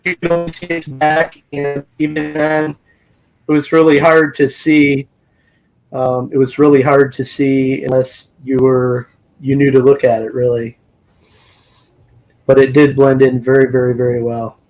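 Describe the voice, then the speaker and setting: A man's voice: medium pitch, flat delivery, a little slow, darkish tone, rough recording. A man co-hosting a live stream, answering in a brief, matter-of-fact way. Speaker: co-host of a live paranormal show. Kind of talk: casual live-stream chat.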